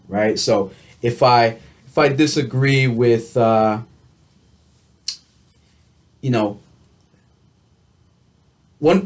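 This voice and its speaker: A man talking casually to camera in a vlog, rambling through his thoughts on coping with stress, full of restarts and "you know.". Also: on the low side. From United States. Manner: reflective, laughs lightly now and then. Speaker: vlogger. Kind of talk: casual rambling self-help talk.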